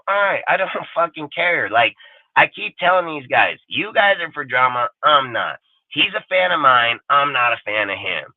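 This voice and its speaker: Cast a brash, profane man ranting live, slightly high voice, dry tinny call audio. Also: no echo. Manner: brash, swaggering, heavy swearing, swings loud and quiet. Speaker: podcast panel host. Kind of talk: profane livestream rant.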